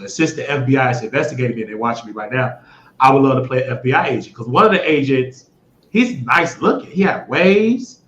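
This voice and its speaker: A man hosting his own show, talking in a blunt, rambling monologue that swears freely and swings between loud bursts and mutters. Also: medium pitch. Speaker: show host. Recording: echoey room, dull lo-fi sound.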